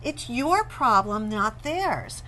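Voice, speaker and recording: A woman author, a guest in an interview, telling animated and playful stories about marriage. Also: fairly high pitch, slow pace, a little hiss or hum, rough recording. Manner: animated storyteller, playful and laughing. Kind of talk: conversational interview.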